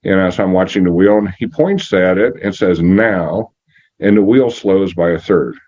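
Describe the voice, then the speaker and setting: A man in his sixties telling a story from his life as an interview guest, halting with many fillers and matter-of-fact. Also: deep voice, animated, a little mellow. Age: 60s. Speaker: energy healer guest. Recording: muffled lo-fi audio.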